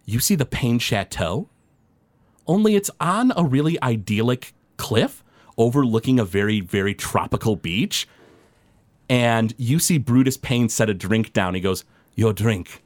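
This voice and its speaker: A man's voice: mid-range voice, sing-song, a little slow, no room sound. A man narrating a tabletop game as game master, describing scenes loosely with many fillers.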